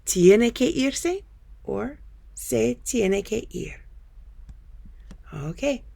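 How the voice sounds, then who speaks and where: A woman teaching a Spanish grammar lesson over slides, patiently explaining step by step and telling students to pause and practice. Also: a little high, animated, vocal fry, mellow.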